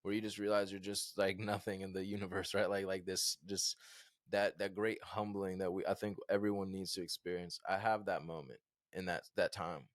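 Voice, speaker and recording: A man in his thirties from Virginia, a podcast guest telling a personal story in an animated, casual way with lots of fillers. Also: deep voice, normal speed, no room sound, studio quality. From Virginia, USA. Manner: animated, conversational, many fillers like "like" and "bro".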